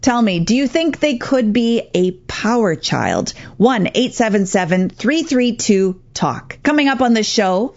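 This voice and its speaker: A woman's voice: mid-range voice, darkish tone. A woman hosting a radio talk show with parenting advice, earnest and acting out parent and child lines. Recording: dull lo-fi radio broadcast.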